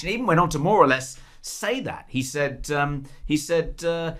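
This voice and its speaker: A man co-hosting a political podcast in a studio, sardonic and halting, full of ums. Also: a little high, animated. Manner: hesitant and sardonic, lots of ums, mocking quotes. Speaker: podcast co-host. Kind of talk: casual political chat.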